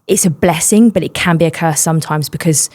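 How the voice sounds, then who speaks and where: A woman with a fairly low voice chats as a podcast guest. She speaks openly and keeps the story rolling, sometimes speeding up with a laugh in her voice. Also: a little mellow. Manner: open and talkative, quick bursts with laughter. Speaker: podcast guest, mental well-being workshop leader. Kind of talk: casual podcast conversation.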